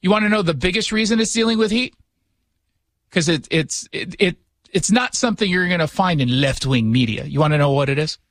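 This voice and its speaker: A man's voice: sits high, a little fast, a bit bright, no echo. A man hosting a radio talk show from his studio, talking casually with sarcastic, joking asides.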